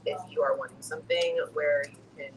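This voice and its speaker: A woman's voice: low-pitched, fairly even intonation, fairly quick, slight background noise, rough recording. A young woman who runs a skincare business, talking casually and laughing often. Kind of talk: casual chat.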